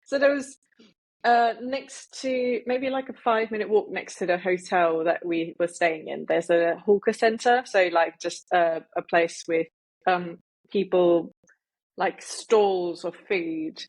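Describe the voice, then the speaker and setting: A woman's voice: fairly low pitch, a little slow, darkish tone. A woman co-hosting a podcast, telling a story in a casual, giggly way, full of fillers and restarts. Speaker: podcast co-host.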